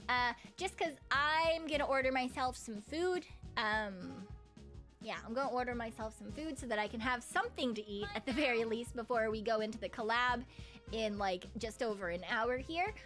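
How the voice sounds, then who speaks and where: A woman's voice: on the high side, normal speed, a bit bright, soft background music. A woman streamer chatting casually with her viewers, rambling and humming between thoughts. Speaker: live streamer. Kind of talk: casual live-stream chat.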